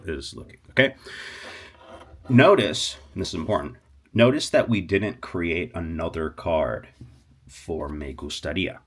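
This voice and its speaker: A man teaching a casual language lesson, animated, talking straight to viewers and often stopping to restart. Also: low-pitched. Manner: animated, talks to viewers, stops and restarts a lot. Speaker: Spanish teacher.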